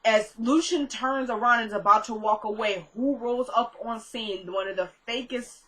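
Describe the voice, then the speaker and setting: A woman giving a casual, chatty recap of a TV episode, slangy and quick to slip into quoting the characters' lines. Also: on the high side, bright, forceful tone, poor audio. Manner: chatty, slangy retelling that jumps into quoted dialogue.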